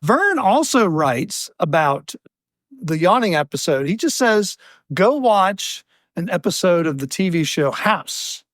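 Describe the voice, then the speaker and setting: A man co-hosting a casual podcast and reading listener mail, animated, often restarting his sentences and laughing. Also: high voice, measured pace, dry recording, studio quality. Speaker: podcast co-host.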